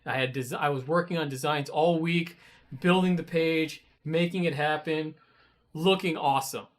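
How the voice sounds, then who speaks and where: Man, casual studio chat, slightly high voice, lively storytelling, swears while reliving his anger. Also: normal speed. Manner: animated storyteller, swears, acts out his own angry outbursts. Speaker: guest, web designer.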